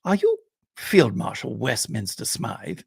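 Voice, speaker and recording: A man voicing an eager young English officer who gushes excitedly. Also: medium pitch, slow pace, gravelly, slightly rough, no room sound, studio quality, full character voice. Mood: gushing. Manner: gushing, breathless.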